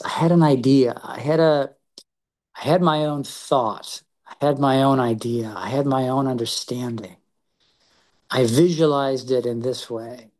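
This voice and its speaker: A man leading a small Bible study, reading scripture aloud and then reflecting on it in an earnest way. He talks haltingly, often repeating a word or starting a phrase over. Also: medium pitch, darkish tone. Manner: halting, with frequent repeated words and restarts.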